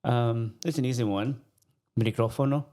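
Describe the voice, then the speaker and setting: A man's voice: mid-range voice, moderate pace, warm tone. A man who is a bank officer, a podcast guest, talking casually and patiently quizzing the hosts on words. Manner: patient, encouraging teacher quizzing with Spanish words.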